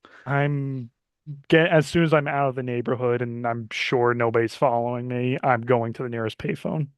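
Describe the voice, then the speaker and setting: Regular guy playing a tabletop game, casual and halting, dry close mic. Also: mid-range voice, fairly even intonation, smooth, no room sound. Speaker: player.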